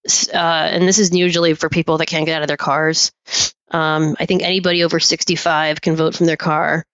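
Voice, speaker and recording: A low-pitched woman guest recounts her poll-worker stories in a loose, chatty podcast style, laughing as she goes. The audio is dry and dull, with a lo-fi quality. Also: a little fast, no room sound. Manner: chatty, animated anecdotes with frequent laughs. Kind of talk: casual podcast storytelling.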